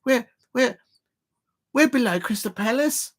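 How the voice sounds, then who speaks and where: A man's voice: extremely high pitch, animated, a little slow, pitched above the performer's own voice, exaggerated voice. A man putting on a grumbling male football pundit who repeats and stammers through an indignant complaint.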